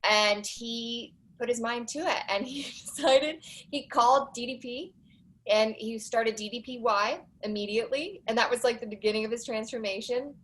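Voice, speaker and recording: A woman in her forties, a documentary producer, chatting as a guest on a podcast with animated storytelling and quick asides. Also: on the high side, rough recording. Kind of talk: casual interview chat.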